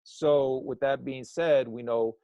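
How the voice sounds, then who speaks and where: Gravelly man rambling through a story. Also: mid-range voice, fairly even intonation, slow pace, mellow, no room sound. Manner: rambling, frequent restarts and self-corrections. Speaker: interview guest. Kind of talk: casual storytelling interview.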